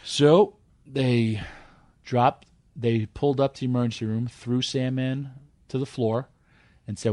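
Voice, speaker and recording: A man's voice: medium pitch, steady tone, unhurried, dark tone, no echo. A man who runs wrestling shows tells a wild backstage story in an interview, acting out the voices of the people in it. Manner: acts out the people in his story with a raised voice. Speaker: wrestling promoter.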